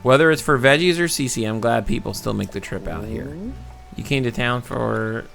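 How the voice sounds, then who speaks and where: A man's voice: medium pitch, moderate pace, creaky, music in the background, natural voice. A man voicing a stubborn, hopeful village pumpkin farmer who chats in a homespun way. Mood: chatty. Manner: chatty, homespun. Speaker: farmer character.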